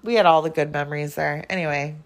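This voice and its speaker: Woman host, lower voice, chatty and profane, rambling casual talk. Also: fairly even intonation, fast. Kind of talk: casual chat.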